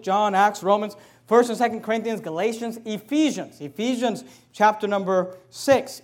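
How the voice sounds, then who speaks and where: High-voiced preaching man. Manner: preaching with swings from quiet to loud; repeats scripture references emphatically. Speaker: pastor. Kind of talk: sermon.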